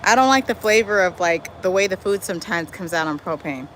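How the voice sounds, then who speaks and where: A woman hosting a casual live stream outdoors in her backyard, talking to viewers in a lively, chatty way and calling them y'all. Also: on the low side, a little fast, rough recording. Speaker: livestream host. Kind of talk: casual live chat reading viewer comments. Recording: faint outdoor noise with traffic.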